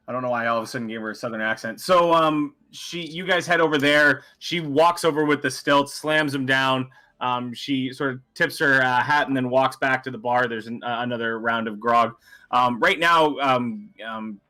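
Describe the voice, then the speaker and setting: Rambling game master man, bright voice. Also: medium pitch. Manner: rambling, self-correcting explanations. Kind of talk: casual tabletop game narration.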